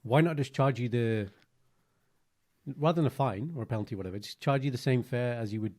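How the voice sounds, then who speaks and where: A man in his thirties co-hosting a casual podcast. He tells stories in a lively, chatty way, full of "like" and "you know". His voice sits at an ordinary middle pitch for a man. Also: fairly quick. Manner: chatty, animated storytelling with fillers. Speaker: podcast co-host. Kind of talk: casual chat.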